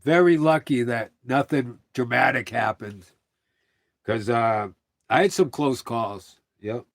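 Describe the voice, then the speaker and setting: A man's voice: medium pitch, slow pace, no echo, clean studio sound. A middle-aged man chatting casually on a livestream, telling rambling stories full of quoted dialogue.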